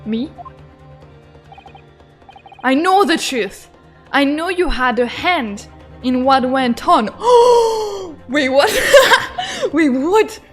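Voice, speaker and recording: A young woman streaming a game, reading dialogue aloud and reacting excitably with stammers and shrieks. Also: high voice, extremely slow, long pauses, faint music behind. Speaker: gaming streamer. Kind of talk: let's play commentary with voiced lines.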